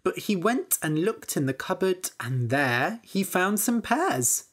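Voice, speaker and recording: A woman narrating a fairytale slowly and clearly for English learners. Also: on the low side. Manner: slow and expressive. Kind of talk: slow, clear storybook narration.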